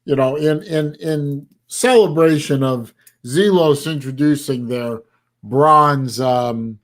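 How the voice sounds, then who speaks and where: A man's voice: a little high, takes it slowly. An older man from Florida hosting a casual livestream, rambling with many fillers and sounding tired. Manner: tired, yawning. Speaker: livestream host. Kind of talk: casual live-stream chat.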